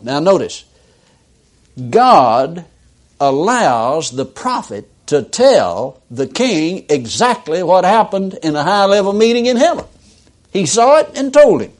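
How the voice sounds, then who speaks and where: A man's voice: sits high, very animated, slow pace. A male preacher giving a sermon, reading scripture aloud and stopping to explain it with emphatic inflection.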